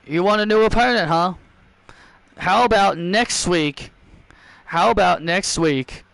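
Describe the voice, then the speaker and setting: A man playing a calm, weary general manager in a wrestling game, speaking slowly and evenly in a lowered voice. The voice is crisp and the recording dry. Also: no echo, exaggerated voice, poor audio. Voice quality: lowered, even voice.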